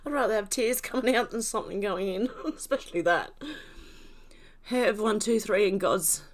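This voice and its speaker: An older Australian livestream host reads comments from chat and can't stop laughing, snorting and giggling breathlessly until she's teary. She speaks in a mid-range voice at a moderate pace.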